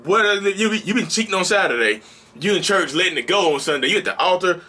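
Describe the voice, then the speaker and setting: Animated, bright-voiced male vlogger. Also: high-pitched, fairly quick, slightly rough. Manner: animated, preachy, colloquial; energetic and bouncy. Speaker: mental health vlogger. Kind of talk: casual direct-to-camera vlog.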